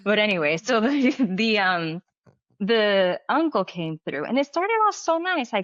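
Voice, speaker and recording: A woman's voice: mid-range voice, big pitch swings, measured pace, a bit bright, dry recording. Chatty middle-aged woman, lo-fi. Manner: chatty, filler-heavy, acts out quoted dialogue. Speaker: medium and healer, podcast guest. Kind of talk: casual storytelling interview. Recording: dull lo-fi dry sound.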